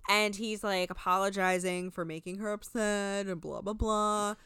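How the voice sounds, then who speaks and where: A woman's voice: mid-range voice, steady tone, normal speed, a bit bright, clean tone, dry recording. A woman co-hosting a podcast, recapping a reality show in casual chat with sarcastic, swearing asides.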